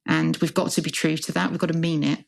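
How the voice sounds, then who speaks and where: A woman who is a hospital chief information officer speaks fast in a deep, level voice with vocal fry. She answers interview questions earnestly and reflectively, building her points as lists.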